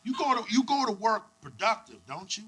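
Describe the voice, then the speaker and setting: A young man performing a stand-up comedy set, loud and profane, working the crowd with lively back-and-forth. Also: sits high, brisk, breathy edge. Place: comedy club stage with live audience. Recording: noisy live club recording.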